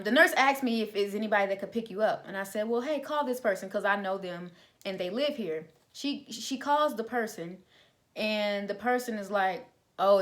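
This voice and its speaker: A woman's voice: medium pitch, a bit bright. A young adult woman telling a personal faith testimony in an informal, conversational way, with plenty of fillers. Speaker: vlogger sharing a testimony.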